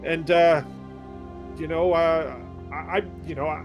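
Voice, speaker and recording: Guy playing his paladin, keeps stumbling over words, slightly high voice. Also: steady tone, measured pace, music in the background. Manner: bumbling, stammering and earnest. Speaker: player. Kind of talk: in-character tabletop role-play.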